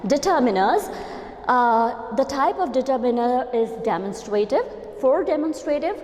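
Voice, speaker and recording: A woman's voice: high-pitched, lively intonation, a little slow, darkish tone. A woman with an Indian English accent teaching English grammar as a lecturer, explaining step by step, repeating key terms and checking in with "okay?". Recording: echoey hall reverb.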